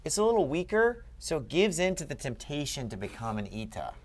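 A man's voice: a little high, big pitch swings, a little fast. A man tutoring a student in Greek grammar, patient and asking leading questions. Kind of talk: one-on-one grammar lesson.

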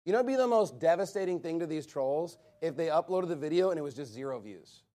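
A man with a fairly high voice delivers a sermon from the pulpit. He is emphatic and blunt, firing off rhetorical questions and answering each with a single punchy word. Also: expressive, quick pace, mellow. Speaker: preacher.

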